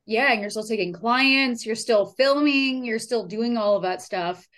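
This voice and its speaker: A woman's voice: on the high side, measured pace, fairly bright tone. A woman hosting a podcast, chatting casually with loose swearing and lots of fillers and restarts. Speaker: podcast host.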